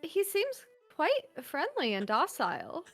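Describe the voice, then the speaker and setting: A woman voicing a gentle, polite female elf in a tabletop game, speaking softly and courteously in near her own voice. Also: extremely high pitch, wildly swooping pitch, unhurried, no echo, soft background music, voice pushed up, heavily acted. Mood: tender. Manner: soft, polite, coaxing.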